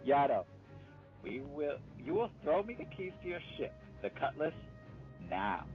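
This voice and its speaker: A man's voice: a little high, very animated, a little slow, narrow, tinny audio, soft background music, voice pushed up. A man voicing a ruthless young man with mystic powers who gives cold, mocking commands. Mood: commanding.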